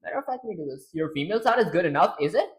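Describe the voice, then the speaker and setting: A man's voice: high-pitched, lively intonation, rapid-fire. Rambling man streaming while he codes. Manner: rambling, talks to himself while working. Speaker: streamer and game developer. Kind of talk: casual livestream chat.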